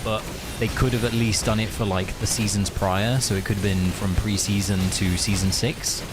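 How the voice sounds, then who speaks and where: Chatty low-voiced male streamer. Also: steady tone, moderate pace, over music. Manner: rambling, chatty, thinks aloud with many fillers. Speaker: game streamer. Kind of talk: casual live-stream chat.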